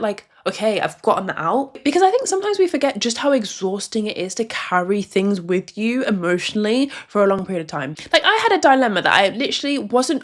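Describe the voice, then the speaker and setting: A young woman from the UK giving casual advice to camera, chatty and reflective, leaning on "like" as a filler. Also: mid-range voice. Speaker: vlogger. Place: a room at home, in dim lighting.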